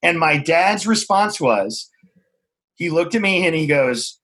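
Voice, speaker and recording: A man with a voice on the higher side speaks candidly in conversation. He tells a personal story in a frank, reflective way, dropping swear words freely and halting to find his words. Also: expressive, a bit bright.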